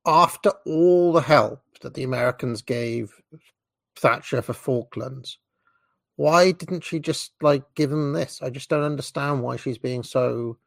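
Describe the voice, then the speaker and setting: A man's voice: medium pitch, measured pace, vocal fry, no room sound, clean studio sound. A man commenting casually on a documentary, puzzled and hesitant, restarting his sentences often. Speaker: reaction video commentator.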